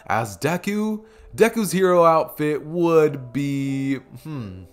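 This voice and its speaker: A man's voice: on the high side, expressive, takes it slowly. A young man casually improvising a fan story, rambling with many fillers and chuckling asides, at a desk mic by a keyboard.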